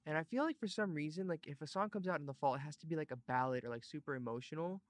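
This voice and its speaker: A man hosting a podcast in casual chat, playful and rambling, drifting in and out of put-on accents, with loud bursts of enthusiasm. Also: fairly high pitch, very fast, no echo, clean studio sound. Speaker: podcast host.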